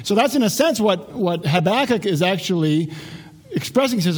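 A man preaching a Bible lesson in a conversational, animated way, with frequent rhetorical asides to the congregation. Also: high-pitched, moderate pace, slightly rough. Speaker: pastor. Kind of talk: Bible teaching.

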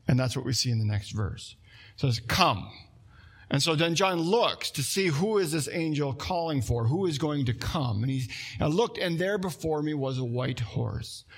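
A man preaching a sermon as pastor, in a conversational way with asides and restarts. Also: on the high side.

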